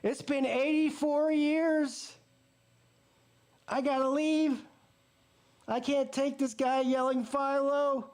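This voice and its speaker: A man voicing a frail little old woman sports fan who is weary and exasperated, in a raised falsetto-like voice. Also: little pitch movement, takes it slowly, pauses often. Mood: fed up.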